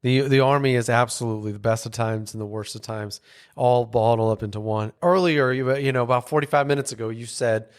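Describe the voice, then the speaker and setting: Male podcast host, relaxed and reflective, average pitch. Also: a little fast, clear, resonant tone. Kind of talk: conversational interview.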